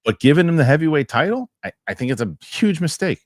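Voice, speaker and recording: A middle-aged man hosting a casual talk show, telling stories and reading viewer messages with animated, excitable delivery. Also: on the high side, fast, no room sound, studio quality. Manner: animated storytelling, excitable rants. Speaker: show host. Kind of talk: casual chat.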